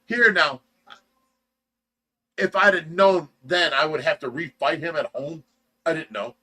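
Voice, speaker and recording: Midwestern American male host, high and bright, tells stories loudly and animatedly on a casual livestream. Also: unhurried. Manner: animated, shouts and mimics in the telling. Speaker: show host telling a story.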